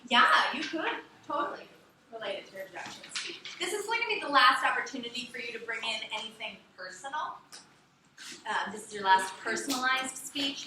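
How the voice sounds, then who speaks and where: A woman teaching a class, talking in a chatty, animated way and often asking the students questions. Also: on the high side. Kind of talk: classroom lecture. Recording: echoey classroom from far off, with background noise.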